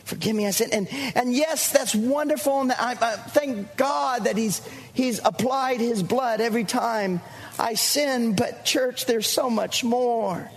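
Speaking slowly in a very high-pitched voice, a pastor delivers an impassioned sermon, repeating phrases and calling out to the congregation. The recording comes from a church sanctuary and has long reverb.

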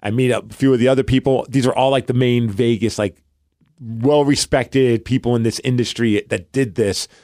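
A man's voice: medium pitch, steady tone, moderate pace, a little mellow, no echo. A man with a New York accent tells a winding story to his podcast co-host, stumbling over restarts and slipping into the voices of the people he quotes. His voice sits in an ordinary middle register and sounds dry and close, with no room around it. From Brooklyn, New York. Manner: rambling, restarts often, acts out quoted dialogue. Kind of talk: casual storytelling chat.

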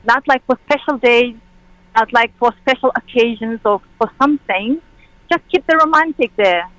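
A woman calling in to a radio show, halting and searching for words. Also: on the high side, fairly bright tone, dry recording, low-quality recording. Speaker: caller. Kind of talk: call-in phone chat.

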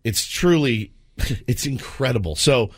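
A man's voice: medium pitch, lively intonation, takes it slowly, husky. A man in his forties, a radio sports host, talking on air in an earnest, emotional way with many restarts. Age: 40s. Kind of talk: heartfelt on-air talk. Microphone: studio microphone.

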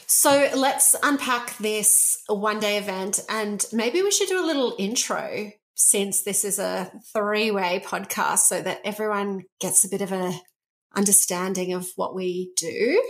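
A woman's voice: medium pitch, measured pace. A woman, an enthusiastic podcast guest chatting about a shared event. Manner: enthusiastic, upbeat. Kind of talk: casual chat.

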